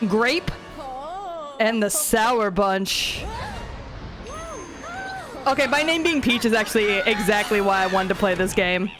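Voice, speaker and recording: A young woman streaming a video game in a casual, animated way, giggling, swearing and reading dialogue aloud on a desk mic. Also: mid-range voice, slow, pauses often. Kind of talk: casual let's-play commentary. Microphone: desk mic with webcam. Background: faint game music.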